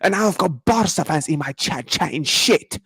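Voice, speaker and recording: Husky, furious man ranting live. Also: a little high, expressive, moderate pace, sharp tone, dry recording. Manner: ranting, swearing, street slang. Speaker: host. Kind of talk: angry live match reaction.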